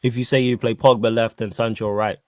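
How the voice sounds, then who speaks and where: A man hosting a casual football podcast, talking in animated slang while eating. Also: mid-range voice, brisk, no echo. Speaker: podcast host.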